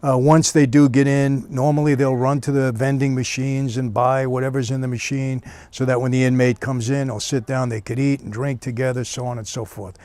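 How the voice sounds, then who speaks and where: A man's voice: medium pitch, level tone, fairly quick, hardly any pauses, darkish tone, no room sound. A man telling a personal story in a casual, conversational way, often dropping in "you know.". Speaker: storyteller recounting prison years.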